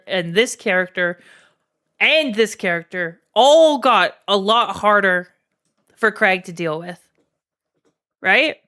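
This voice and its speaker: Canadian woman streamer, unhurried, blunt and profane, chatty asides to her viewers. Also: mid-range voice, sharp tone. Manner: frank, profane, many fillers and asides to chat. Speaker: streamer ranking game characters. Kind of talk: casual live-stream commentary.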